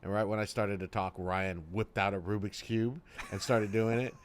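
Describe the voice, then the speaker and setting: A man's voice: on the low side, steady tone, moderate pace, a little hiss or hum. A middle-aged man co-hosting a comedy podcast, telling self-mocking stories in a laid-back, casual way. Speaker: podcast co-host.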